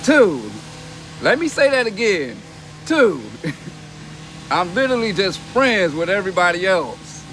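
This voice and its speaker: Man, young adult, profane livestream rant, slightly high voice, air-conditioner hum behind. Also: lively intonation, moderate pace, a bit bright. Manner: brash, profane and mocking, laughing between lines. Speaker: reality TV personality reading comments on a live stream.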